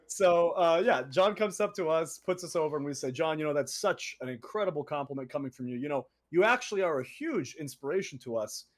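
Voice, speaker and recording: A young man co-hosting a casual podcast, telling stories in an animated way with laughs and quoted voices. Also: on the high side, fairly quick, hardly any pauses. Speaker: co-host.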